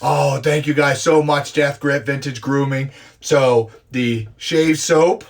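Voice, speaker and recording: A man in his forties chatting excitedly through an impromptu live unboxing, gushing and talking with many fillers. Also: mid-range voice, slow, vocal fry. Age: 40s. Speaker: live streamer unboxing grooming products.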